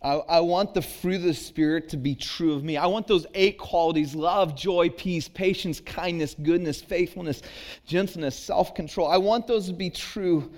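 A man's voice: on the high side, moderate pace, a little mellow. A man in his thirties preaching a sermon in an earnest, conversational way, climbing to emphatic peaks. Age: 30s. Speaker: pastor.

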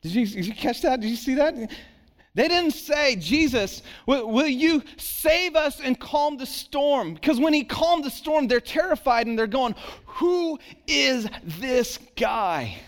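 Moderately paced and lively in tone, this man's sermon wanders through rhetorical questions, restarts and repeated words, sinking to a soft, low voice whenever he wants to stress a point.

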